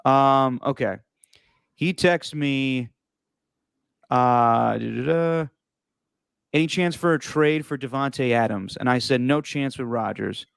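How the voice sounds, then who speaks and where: A young man hosts a sports podcast in a loose, joking way and swears without a second thought. His voice is smooth and resonant. It sounds dry and close, with no room around it. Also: mid-range voice, takes it slowly, long pauses, no echo. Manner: loose, swearing, laughs easily. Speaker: podcast host. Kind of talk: casual sports podcast chat.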